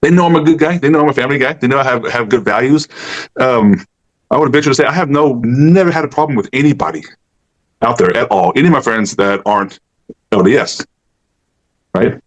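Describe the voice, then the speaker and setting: A man's voice: mid-range voice, a little fast, pauses often, rough recording. A man co-hosting a casual talk podcast, speaking earnestly and rambling, with frequent "right?" and "you know". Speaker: podcast co-host. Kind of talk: casual conversation.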